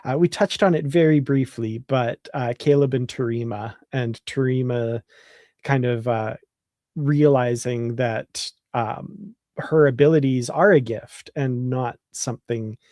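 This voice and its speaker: Mellow, thoughtful man co-host. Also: mid-range voice, no room sound, clean studio sound. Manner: thoughtful, relaxed, hesitant with fillers. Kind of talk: casual chat.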